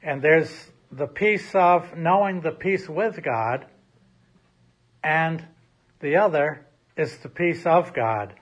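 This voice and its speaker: A man's voice: fairly high pitch, takes it slowly. A male pastor delivering a recorded sermon in an empty church sanctuary, speaking casually with frequent restarts. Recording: slightly muffled recording.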